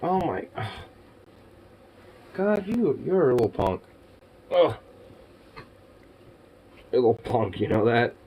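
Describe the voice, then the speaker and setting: A young man chatting affectionately with his dog in teasing baby talk, often yelping up high and laughing. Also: sing-song, takes it slowly, pauses often, highs cut off, a little hiss or hum. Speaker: vlogger. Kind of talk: casual talk to a pet dog.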